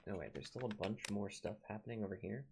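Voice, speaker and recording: Heavy background noise surrounds this young let's play host from Minnesota, United States, who chats casually with a Minnesotan accent while playing a strategy game and speaking to his units. His lowish voice is quick, lively in intonation, and marked by vocal fry.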